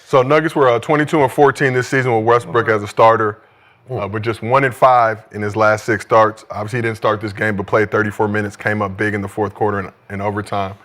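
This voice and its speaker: A man's voice: lowish voice, steady tone, fast talker, fairly bright tone. A man hosting a sports podcast, steadily reading out stats and setting up questions for the panel. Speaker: podcast host and moderator. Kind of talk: casual sports chat.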